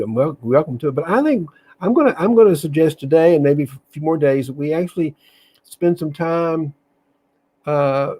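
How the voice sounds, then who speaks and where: A man hosting a reflective online session, talking in an earnest, halting way with restarts, then reading a poem aloud slowly. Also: on the high side, dark tone. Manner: reads slowly with long pauses. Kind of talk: casual live talk and slow poetry reading.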